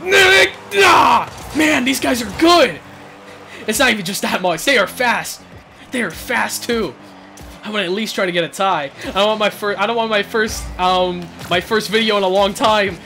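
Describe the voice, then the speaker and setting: A young man giving live commentary over his own gameplay, excitable, repeating words in rapid bursts and yelling at tense moments. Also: high-pitched, faint music behind. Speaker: gaming YouTuber.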